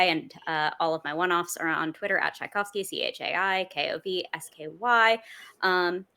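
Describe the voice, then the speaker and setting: A woman's voice: fairly low pitch, bright, forceful tone. A woman tabletop player who talks casually and earnestly, with hesitant fillers. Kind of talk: casual chat.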